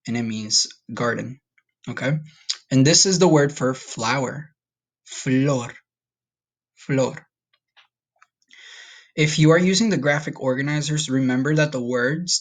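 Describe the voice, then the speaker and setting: A man's voice: medium pitch, a little fast. A man teaching a recorded Spanish lesson to his class, friendly and checking in often with "okay?". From United States.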